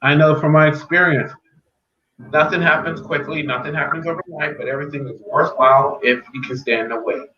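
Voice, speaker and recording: A man speaking brisk and steady, his voice on the high side, shares an earnest personal testimony of faith as a podcast guest. He repeats key phrases to give them weight, over dull, echoey remote audio with faint hiss.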